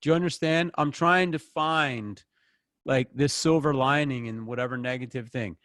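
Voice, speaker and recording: A man's voice: mid-range voice, normal speed, a bit bright, no room sound, clean studio sound. A man leading a group session over a video call, talking in a casual, rambling, encouraging way.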